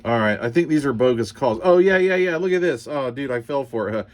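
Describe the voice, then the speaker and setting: Casual man, mid-pitched, rambling and wisecracking, reads codes aloud, unscripted hobby vlog feel. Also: lively intonation, brisk. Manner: rambling, jokey, reads call signs aloud. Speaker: CB radio hobbyist vlogger. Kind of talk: casual unboxing chat.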